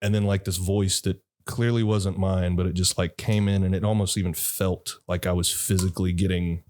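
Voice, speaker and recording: A man's voice: low-pitched, steady tone, moderate pace, a little mellow. A man who is a podcast guest, an actor and director, rambling through personal stories in a laid-back, profane way. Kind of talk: casual storytelling chat.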